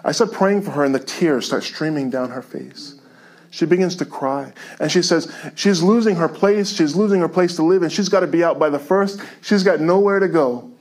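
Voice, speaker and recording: Man, high voice, church testimony, lively storytelling, chuckles along. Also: normal speed. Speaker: guest speaker sharing a testimony.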